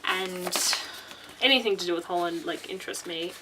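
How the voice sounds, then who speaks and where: A woman's voice: lowish voice, moderate pace, background noise. A chatty, bubbly woman talking casually about books she plans to read, with restarts and laughs. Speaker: book vlogger. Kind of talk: casual book chat.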